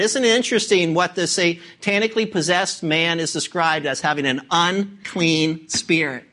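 A man's voice: on the high side, moderate pace, hardly any pauses, sharp tone. A man preaching a sermon, emphatic and full of rhetorical questions, asking the congregation to turn to scripture. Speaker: pastor.

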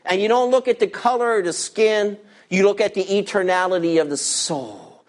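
A man preaching a sermon as pastor, reading scripture and explaining it, raising his voice for emphasis and dropping to quiet asides. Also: high-pitched, normal speed. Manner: reads scripture aloud with commentary.

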